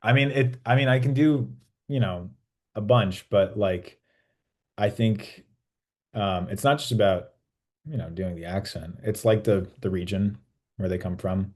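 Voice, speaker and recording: A man with a low voice chats loosely as the guest in an interview. He rambles, starts his sentences over and over, and swears now and then. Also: a little slow. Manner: rambling, many restarts and swearing. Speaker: actor guest. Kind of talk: casual interview chat.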